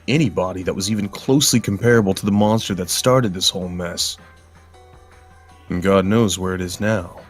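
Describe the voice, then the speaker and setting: A man reading a horror story aloud in a grim, bitter, world-weary voice, then chatting casually with his co-hosts. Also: sits low. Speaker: guest storyteller.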